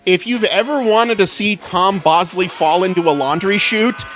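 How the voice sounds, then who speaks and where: A man's voice: sits high, fairly bright tone, soft background music. A man hosting a comedy podcast, reviewing a movie with sarcastic, profane riffs. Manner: sarcastic, profane, quick riffing. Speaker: podcast host.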